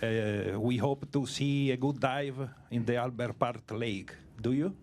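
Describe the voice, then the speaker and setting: A man's voice: medium pitch, fairly even intonation, measured pace, a little mellow, a little hiss or hum. A male journalist asking a press conference question in a playful, jokey way.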